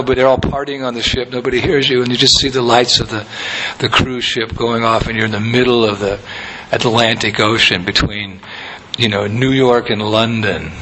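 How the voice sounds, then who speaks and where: Brief: male spiritual teacher, relaxed anecdotal sermon, soft chuckles, faint noise behind. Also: medium pitch, rough recording. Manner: conversational, anecdotal, with soft laughs.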